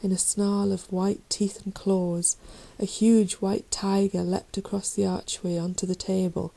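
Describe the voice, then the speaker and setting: Female narrator for a children's fantasy book, low and mellow, reads dramatically. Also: creaky, low-quality recording. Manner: dramatic reading, raising voice for shouted lines. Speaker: audiobook reader. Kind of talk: storybook narration.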